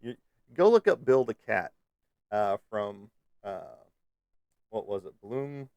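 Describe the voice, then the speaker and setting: Gravelly low-voiced man, rambling chat. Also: big pitch swings, takes it slowly, a little mellow, no room sound, highs cut off. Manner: rambling, joking, lots of fillers. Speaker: live stream host. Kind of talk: casual live chat with viewers. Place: Kansas City area.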